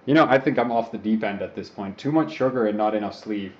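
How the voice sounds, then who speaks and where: Talking fast with hardly any pauses, this young Czech streamer has a lowish voice. He hosts an overclocking livestream full of rambling, self-deprecating jokes, captured in roomy, slightly dull audio.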